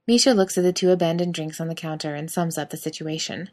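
A woman's voice: low-pitched, steady tone, fast, hardly any pauses, darkish tone. A woman narrating a scripted story in a wry, sardonic manner.

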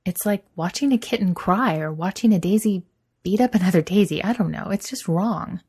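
A woman voicing a playful, dramatic young male wizard, teasing and animated. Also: medium pitch, normal speed, breathy edge, pitched above the performer's own voice.

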